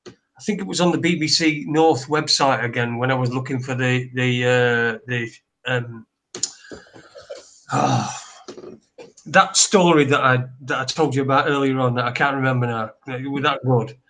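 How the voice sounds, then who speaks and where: A man's voice: medium pitch, normal speed, a bit bright. A man co-hosting a casual news talk show, rambling and hesitant as he reads articles aloud. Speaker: podcast co-host.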